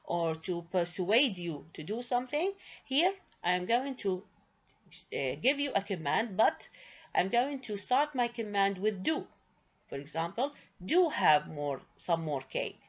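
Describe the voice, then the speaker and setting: A woman's voice: medium pitch, highs cut off. A woman teaching English grammar in a lecture, explaining step by step with many fillers and rhetorical questions.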